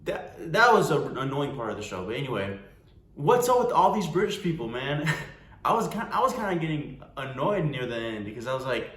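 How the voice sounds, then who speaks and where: A man's voice: mid-range voice, a bit bright, reverberant. A man talking casually in a vlog at home, rambling and exasperated, restarting sentences and tacking "man" onto complaints. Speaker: vlogger reviewing a TV show. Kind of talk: casual unscripted vlog rant. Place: room at home with a cat nearby.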